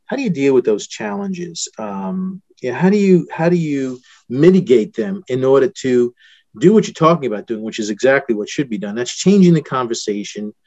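A middle-aged man hosting an interview, asking earnest, searching questions in halting phrases. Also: mid-range voice, animated, dark tone, no room sound. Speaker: podcast host. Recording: dull, dry lo-fi sound.

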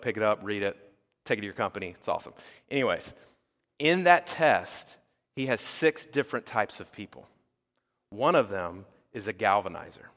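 Preaching man in a reverberant hall. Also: fairly low pitch. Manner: animated, conversational preaching with acted-out quotes. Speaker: pastor. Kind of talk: sermon.

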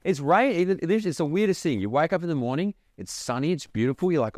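A young Australian man rambling casually on his podcast, animated and swearing freely. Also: fairly high pitch, fast talker, hardly any pauses, dry recording. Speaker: podcast host.

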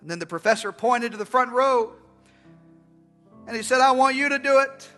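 A man preaching a sermon as pastor, swinging from loud calls to hushed, dramatic lines. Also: extremely high pitch, moderate pace. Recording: long hall reverb with faint music.

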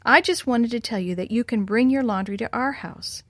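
Woman reading friendly schoolboy, hurried, kindly, dry recording. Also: a little high, no echo, natural voice. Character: popular friendly boy, shy.

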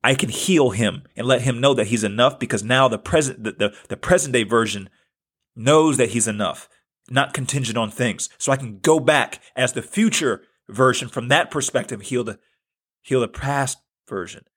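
A mid-range voice with a breathy edge, a bit bright and at normal speed, belongs to a man in his thirties hosting a spiritual self-help podcast. His manner is earnest and casual, slangy, with phrases repeated for emphasis.

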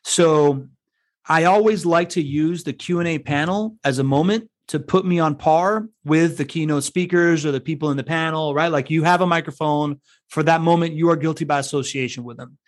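A man talking through conference networking tips in loose, casual chat. His voice sits a bit high for a man, and he keeps tossing in "like" and "right?" as he goes. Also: normal speed. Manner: chatty, filler-heavy, keeps asking "right?". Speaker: podcast co-host giving networking advice.

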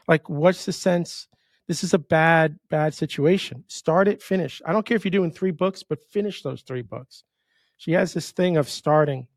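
A man's voice: on the high side, moderate pace, no echo, clean studio sound. A middle-aged man hosting a casual conversation, emphatic and full of questions. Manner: emphatic, asks lots of questions. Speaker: host.

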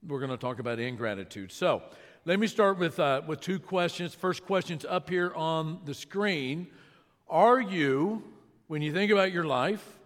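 Man, pastor, sermon, storytelling, fairly high voice, long hall reverb. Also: animated. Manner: storytelling, conversational with pauses. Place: church sanctuary.

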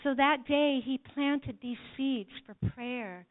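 A woman's voice: sits high, slow. A woman giving an earnest sermon testimony to a church congregation, speaking to them directly. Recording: tinny phone-like sound.

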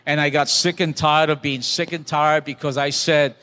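A man's voice: on the high side, little pitch movement, moderate pace, sharp tone. An older man, a pastor, preaching a sermon as a conversational testimony, with restarts and acted-out quotes.

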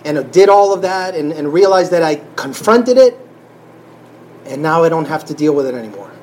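A man sharing a personal faith testimony in an emotional, halting way, often restarting his sentences and sighing. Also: a little high, animated, a little mellow, low-quality recording. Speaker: church member sharing testimony.

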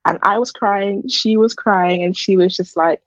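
A woman's voice: medium pitch, unhurried, no room sound, highs cut off. A young woman telling her personal story in a casual, earnest way, full of fillers. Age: young adult. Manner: earnest, chatty, many fillers. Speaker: podcast guest.

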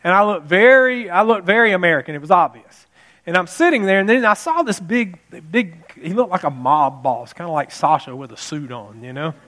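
High-voiced man preaching conversationally. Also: expressive, brisk, bright, forceful tone. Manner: conversational preaching, repeats phrases, rises to passionate emphasis. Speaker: pastor. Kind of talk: sermon with personal story.

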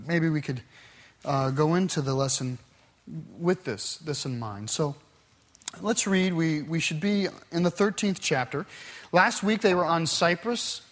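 A man's voice: a little high, fairly bright tone. A middle-aged man teaching a Bible class in a conversational way, telling a personal story earnestly with frequent restarts.

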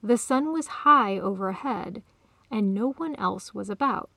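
A woman author reading her own short story aloud in a calm, even storytelling manner. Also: medium pitch, unhurried, vocal fry, no room sound. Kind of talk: storybook narration.

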